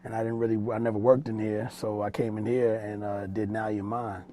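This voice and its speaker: Mellow-voiced producer telling studio stories. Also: male voice, fairly low pitch, little pitch movement, fairly quick, a little hiss or hum. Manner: loose, rambling telling with street slang and restarts. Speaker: music producer and mix engineer. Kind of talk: casual interview storytelling. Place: small studio room.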